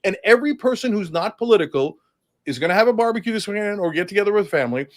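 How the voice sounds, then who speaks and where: A man with a fairly high, very lively voice, speaking as a candidate in a political interview. He is combative and sarcastic, punching his points hard. His pitch rises and falls a great deal as he argues. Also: very fast. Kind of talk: impassioned political interview talk.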